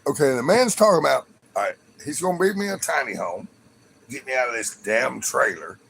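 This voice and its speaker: A man's voice: mid-range voice, expressive, fairly quick, gravelly, fairly bright tone, breathy edge, low-quality recording. A man livestreaming from home, telling a rambling story to viewers and laughing often. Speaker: livestream host.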